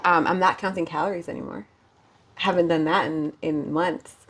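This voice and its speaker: A woman's voice: on the low side, fairly even intonation, normal speed, a bit bright, slightly rough. A woman co-hosting a podcast in casual chat, joking, laughing often and trailing off with fillers. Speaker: podcast co-host.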